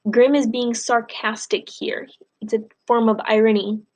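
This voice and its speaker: Female teacher, slightly high voice, casual read-aloud lesson with explanations. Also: level tone, unhurried, darkish tone. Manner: casual, explanatory, with fillers and restarts. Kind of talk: reading a novel aloud in a recorded lesson.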